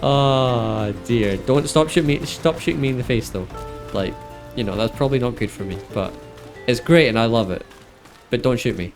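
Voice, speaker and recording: An upbeat man chats casually while playing a video game on stream, often laughing and poking fun at himself. His voice sits at a middle pitch and comes through a desk microphone. Game music plays clearly behind him. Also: moderate pace. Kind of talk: casual gameplay commentary.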